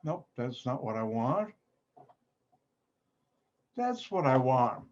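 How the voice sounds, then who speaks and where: A man's voice: mid-range voice, big pitch swings, slow pace. A man from Chicago with a Chicago accent teaching a live online chemistry class, upbeat and joking with his students. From Chicago, USA. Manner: jokey, upbeat, self-mocking. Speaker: chemistry instructor. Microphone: video call. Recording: muffled video-call audio.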